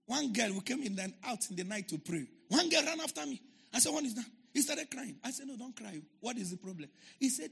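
A man preaching a fervent sermon, his voice gravelly and husky. His pitch sits high for a man and leaps widely as he moves from quiet storytelling into shouted, chanted climaxes. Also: lively intonation, brisk. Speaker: pastor.

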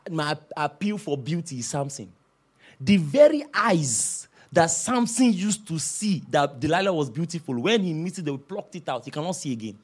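Lively high-voiced male preacher. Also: slightly rough. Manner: animated storytelling, shouting and laughing. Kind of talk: sermon.

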